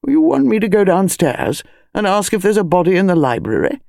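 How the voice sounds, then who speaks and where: A grumbling older colonel blusters in a dark, mellow voice, as a woman reads him in an audiobook. The recording is dry and close. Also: medium pitch, sing-song, a little fast, creaky, dry recording, pitched above the performer's own voice. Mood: grumpy. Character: grumbling, gruff country colonel, older man. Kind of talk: audiobook character voice.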